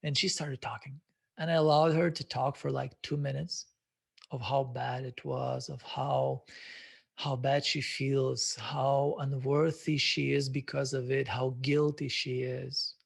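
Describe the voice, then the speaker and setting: A man's voice: mid-range voice, flat delivery, measured pace, creaky, breathy edge. A man hosting a self-development webinar, speaking reflectively with many hesitant filler sounds. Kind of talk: live webinar talk.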